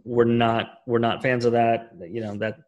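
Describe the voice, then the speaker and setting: Man co-hosting, fasting coach, monotone delivery, lower voice, stumbles and repeats. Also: dull audio. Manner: halting, repeats words, gives advice. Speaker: podcast co-host, fasting coach. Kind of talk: casual podcast chat.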